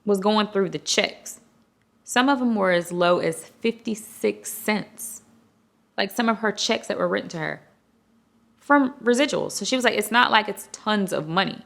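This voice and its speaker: A woman hosting a casual chat show, talking in an animated, chatty and playful way. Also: lowish voice, creaky. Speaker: host.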